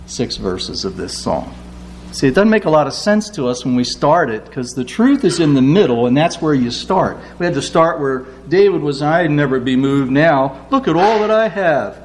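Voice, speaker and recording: A man preaching a sermon, acting out quoted prayers with lively rises in his voice. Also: on the high side, moderate pace, slight background noise. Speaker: pastor.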